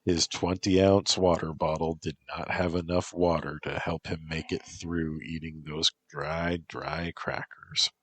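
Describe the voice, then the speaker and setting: A man narrating a story in a slow, measured reading voice with a husky tone. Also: rumbling low, flat delivery, slight background noise.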